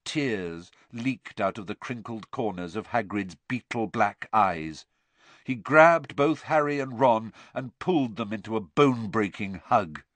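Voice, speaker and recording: A man narrating an audiobook with expressive storytelling, voicing every character himself. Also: on the low side, unhurried, no echo.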